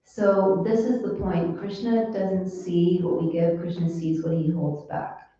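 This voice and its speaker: Slow, chatty woman lecturing in an echoey hall. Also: on the low side, steady tone, mellow. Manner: chatty, lots of fillers, storytelling. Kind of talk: casual devotional lecture. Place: temple hall. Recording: echoey hall, distant mic, dull sound.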